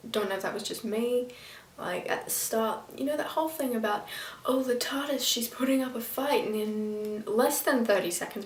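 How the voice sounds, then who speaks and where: A woman's voice: mid-range voice, recorded from a distance, slight background noise. A woman reviewing a TV episode in a casual vlog, rambling and exasperated, sometimes stumbling over names. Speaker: video reviewer. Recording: echoey room, a bit off-mic.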